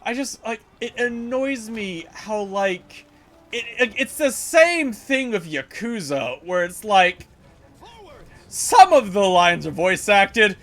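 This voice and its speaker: A man streaming a game live, reacting excitedly and swearing often. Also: high-pitched, slow. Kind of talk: live gameplay commentary.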